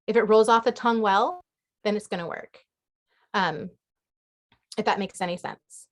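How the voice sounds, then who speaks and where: A woman's voice: medium pitch, a bit bright. Chatty woman author on a video call. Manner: chatty, many fillers and restarts. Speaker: guest author. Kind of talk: casual online group talk.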